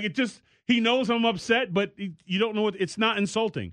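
Animated man with a dry studio sound. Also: brisk, dry recording. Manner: animated storytelling, jumps into high mock voices. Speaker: podcast co-host. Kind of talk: casual chat.

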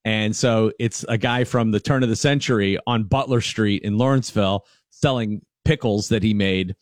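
A man's voice: fairly low pitch, moderate pace, no echo, clean studio sound. A man co-hosting a casual chat, telling stories animatedly and acting out the people he quotes. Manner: animated storyteller who acts out quoted people. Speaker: podcast co-host.

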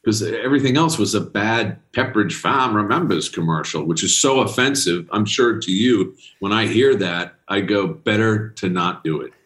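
A man's voice: on the low side, lively intonation, normal speed, few pauses, a bit bright. A middle-aged man from New England, a guest actor telling anecdotes in a casual interview, laughing between stories. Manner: anecdotal, laughing, does voices in quotes.

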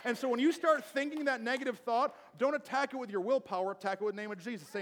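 A man's voice: very high-pitched, fast, fairly bright tone. Guy preaching a sermon from the pulpit, keeps repeating lines hard and calling out to the church, big echoey hall. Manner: emphatic, repetitive preaching with audience call-outs. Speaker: pastor. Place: church sanctuary, speaking from the pulpit. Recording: long reverb of a church hall.

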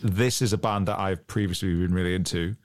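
Hesitant low-voiced man. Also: steady tone, a little fast. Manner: hesitant, many fillers and restarts. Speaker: podcast co-host. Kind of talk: casual chat.

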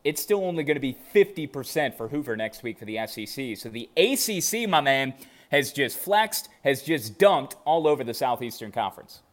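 A man's voice: mid-range voice, moderate pace. A young adult man from Chicago co-hosting a sports podcast, telling stories with lots of energy in casual chat. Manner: energetic, animated storytelling. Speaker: podcast co-host.

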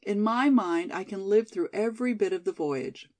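A woman's voice: medium pitch, animated, normal speed, a little mellow, natural voice. A woman voicing a passionate, dreamy young college girl in a storybook reading, pleading and rapturous by turns.

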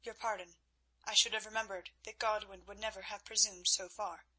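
A woman's voice: medium pitch, level tone, normal speed, sharp tone, breathy edge, rough recording. A woman reading the lines of an ardent, teasing young male knight in an audiobook, pleading and wry.

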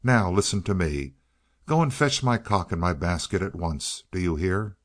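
A man's voice: low-pitched, lively intonation, moderate pace. A man voicing a grumbling, blustering peasant man in a storybook reading, with a demanding manner.

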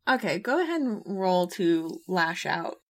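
A woman narrating as game master of a tabletop game, halting and often breaking into laughter. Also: on the low side, big pitch swings.

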